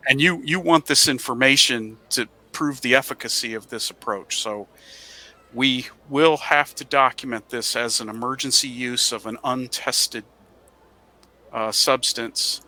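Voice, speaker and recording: Tabletop player dude talking through his plan in character, earnest, bright clear voice. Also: mid-range voice. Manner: earnest, reasoning things out.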